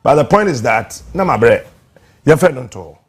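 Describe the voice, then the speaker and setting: A man making a defiant, forceful speech in a played clip, repeating himself and mixing languages. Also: medium pitch, big pitch swings, moderate pace, slightly rough.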